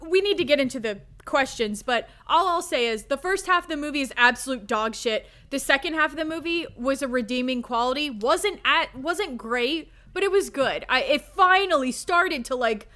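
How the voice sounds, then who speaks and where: A high, bright woman's voice on a casual podcast. She talks bluntly and rants with lots of swearing, and goes quiet between the outbursts. Her tone is sharp and animated. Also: normal speed, hardly any pauses. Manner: blunt, profane, animated ranting. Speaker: podcast co-host. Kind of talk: casual chat.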